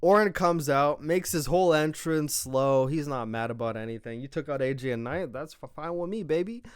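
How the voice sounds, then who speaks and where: A young man rattles off a wrestling recap in a loose, profane, excited way. His voice sits a little high and comes through clear and smooth. The sound is dry, close to the mic. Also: normal speed, dry recording. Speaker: wrestling show reviewer. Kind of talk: casual recap of a wrestling show.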